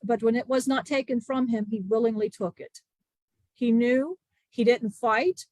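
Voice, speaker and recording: A woman channeling the spirit of an ancient male disciple, telling a grieving testimony in halting, emotional bursts with many restarts. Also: fairly high pitch, darkish tone, no room sound. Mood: solemn.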